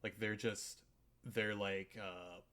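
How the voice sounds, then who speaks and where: A man's voice: lowish voice, level tone, slow, sharp tone. Rambling, irreverent man podcast host. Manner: rambling and irreverent, with frequent swearing and filler words. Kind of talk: casual chat recapping a video game.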